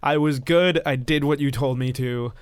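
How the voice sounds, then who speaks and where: A man voicing a distraught cyborg son who shouts in anguish and rage. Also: mid-range voice, normal speed, smooth, no room sound, clean studio sound, pitched above the performer's own voice, natural voice. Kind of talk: tabletop role-play voicing.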